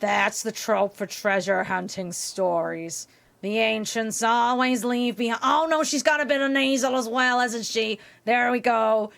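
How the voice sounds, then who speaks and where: A woman putting on Roz, a low, gravelly old monster lady. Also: steady tone, a bit bright. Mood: deadpan. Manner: slow, drawling delivery. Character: grumpy slow old female monster clerk. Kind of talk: reading game dialogue in a put-on voice.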